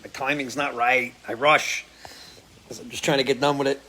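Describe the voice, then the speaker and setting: A middle-aged man from the US Northeast, a musician hosting a relaxed live stream from a porch, greeting viewers by name one after another, his voice a bit worn from singing. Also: mid-range voice, normal speed. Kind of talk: casual chat greeting viewers. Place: porch at home.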